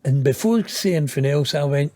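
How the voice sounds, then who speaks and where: A Scottish man in his fifties spins a long, rambling tale as an interview guest, swearing freely and mocking himself. His voice sits on the higher side for a man. The sound is close and dry. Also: lively intonation, a little fast, warm tone, no room sound. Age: 50s. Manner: rambling, profane, laughs at his own tale, self-mocking. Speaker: interview guest telling a story. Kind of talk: casual storytelling in an interview.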